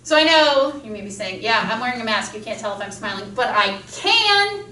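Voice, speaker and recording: A woman speech teacher lecturing a class, enthusiastic and quick with examples, speaking through a mask. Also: fairly high pitch, big pitch swings, sharp tone, a little hiss or hum. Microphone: masked, recorded from across a classroom. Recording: echoey classroom from far off.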